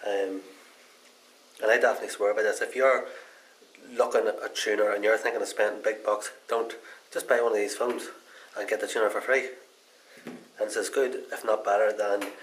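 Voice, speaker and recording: Chatty man, lowish voice. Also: level tone, moderate pace, long pauses, fairly bright tone, a little hiss or hum, low-quality recording. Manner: chatty and folksy, loose rambling sentences. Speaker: guitar repair demonstrator. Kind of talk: casual how-to demonstration.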